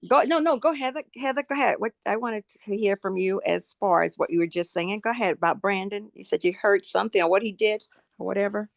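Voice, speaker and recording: A woman's voice: mid-range voice, fast, gravelly, no echo. A middle-aged woman co-hosting a podcast, encouraging her guests and often stumbling over repeated words. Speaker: podcast co-host. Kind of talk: casual interview chat.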